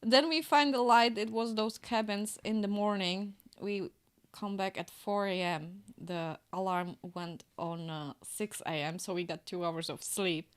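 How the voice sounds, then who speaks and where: A woman co-hosting a podcast, telling a story in casual chat with a lively manner and frequent laughter. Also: medium pitch, a little slow, clear, resonant tone. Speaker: podcast co-host.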